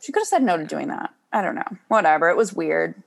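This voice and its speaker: A woman's voice: lowish voice, expressive, quick pace, gravelly. A young woman co-hosting a casual chat over a remote call, rambling and hesitant, often trailing off. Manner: rambling, hesitant, keeps saying she doesn't know. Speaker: podcast co-host. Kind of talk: casual chat about a reality dating show.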